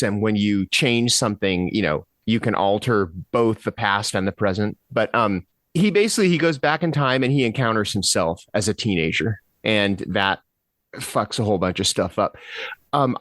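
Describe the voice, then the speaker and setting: A man's voice: medium pitch, fairly bright tone, no echo. Laid-back man reviewing a film. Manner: laid-back, hesitant with fillers. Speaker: podcast co-host.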